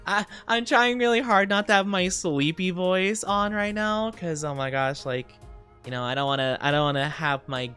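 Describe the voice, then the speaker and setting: A young adult woman streaming live, chatting casually and greeting viewers by name, a little tired and quick to giggle. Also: fairly low pitch, fairly bright tone, faint music behind. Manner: chatty, reads viewer comments aloud and greets them, giggly.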